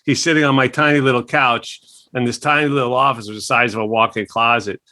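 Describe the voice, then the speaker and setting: A man, a record executive, telling a profane, animated story in a casual interview, acting out the quotes. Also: mid-range voice, fast, no room sound.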